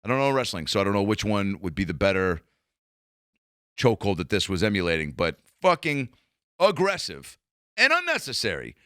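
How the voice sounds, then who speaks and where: Profane comedian host, dry close sound. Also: male voice, low voice, brisk, clear, resonant tone, no echo. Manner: profane, animated, acts out quotes in raised voices. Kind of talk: casual comedic monologue.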